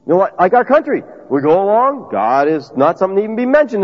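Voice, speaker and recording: A man's voice: sits high, sing-song, quick pace, hardly any pauses, husky. A man preaching a sermon in an emphatic, conversational way, putting questions to his listeners. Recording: dull lo-fi audio with long reverb.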